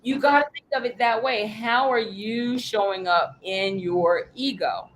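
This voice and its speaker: A woman's voice: mid-range voice, unhurried, poor audio. A woman business coach teaching a live workshop, telling stories with lots of energy, acting out quoted voices and swearing casually.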